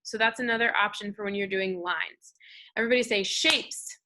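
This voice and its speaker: A woman's voice: mid-range voice, normal speed, pushed and bright. A woman teaching an art lesson to children, leading call-and-response chants with hand movements.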